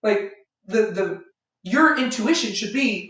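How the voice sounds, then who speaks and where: A man's voice: high voice, lively intonation, measured pace, fairly bright tone. A man teaching a Bible study in a loose, rambling way, full of fillers, who acts out imagined voices. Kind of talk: informal Bible teaching to a small group. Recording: echoey room, far from the mic.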